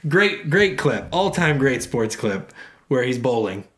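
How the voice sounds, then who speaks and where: Guy reading bible verses then cracking jokes about them, easy chatty tone, average pitch. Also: sing-song, measured pace, fairly bright tone. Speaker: podcast co-host reading scripture. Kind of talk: casual chat.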